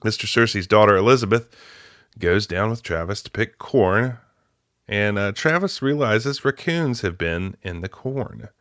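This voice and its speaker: A man's voice: fairly low pitch, expressive, unhurried, a bit bright, dry recording, clean studio sound. A man casually recapping a movie's plot as a film club host, chatty with laughing asides and lots of fillers.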